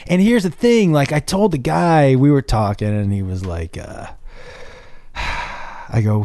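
A man's voice: medium pitch, animated, a little slow, long pauses, a little mellow. A man co-hosting a casual, comedic chat, asking incredulous questions, laughing often, and telling stories about parenting.

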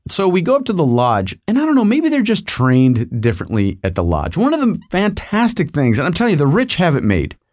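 A man's voice: on the high side, wildly swooping pitch, a little fast, few pauses, darkish tone. A middle-aged man hosting a podcast, telling a rambling comic story with digressions and asides to the listener. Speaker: podcast host.

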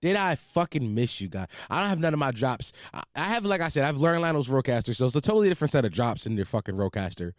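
A young man hosting his own podcast, talking in a loud, profane and rambling way from home at night. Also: mid-range voice, big pitch swings, rapid-fire, few pauses, no echo, clean studio sound. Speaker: podcast host. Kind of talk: casual solo podcast chat.

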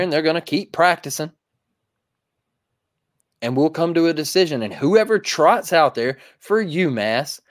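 Man, sports podcast co-host, emphatic, repetitive, slightly high voice, dry close sound. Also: no room sound. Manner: emphatic, preachy, repeats phrases. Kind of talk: casual sports talk.

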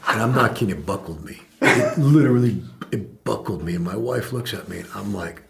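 A man's voice: fairly low pitch, animated, brisk, creaky, a little hiss or hum. A man being interviewed on a red carpet, telling a casual story in a rambling, self-deprecating way with repeated words. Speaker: actor interviewed at premiere. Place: outdoor red carpet event.

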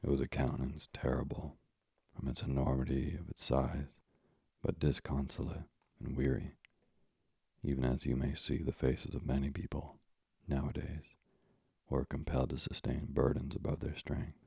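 A man narrating a classic storybook in a measured, old-fashioned manner, with moralizing asides. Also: very deep voice, level tone, creaky, dark tone, breathy edge, no room sound, studio quality.

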